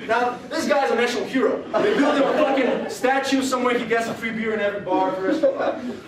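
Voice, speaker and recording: A man's voice: very high-pitched, fast, a loud crowd. A young man giving a humorous talk on stage, rambling with lots of fillers and laughter, recorded from far off in a lecture hall. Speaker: speaker.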